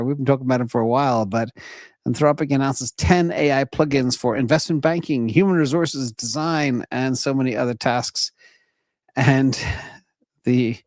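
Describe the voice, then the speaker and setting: Male market-show host, lively and emphatic, voice going hoarse, close dry mic. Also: mid-range voice, no room sound. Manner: lively, emphatic, chuckles between points. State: losing his voice. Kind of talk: casual market commentary.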